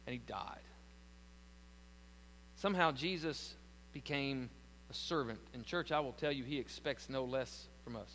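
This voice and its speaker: A man's voice: fairly high pitch, fairly bright tone, in a large hall, a little hiss or hum, poor audio. A man with a Southern American accent preaching a sermon as pastor, building to emphatic lines and then telling stories with frequent restarts.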